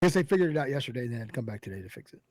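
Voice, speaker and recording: A man's voice: mid-range voice, big pitch swings, rapid-fire, a little mellow. A man chatting on a casual gaming podcast, laid-back and plain-spoken, swearing casually.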